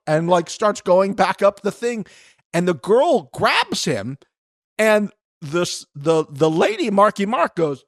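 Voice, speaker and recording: A man co-hosting a podcast in casual chat, animated, acting out quotes and cursing freely. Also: high voice, takes it slowly, no echo, clean studio sound. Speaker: podcast co-host.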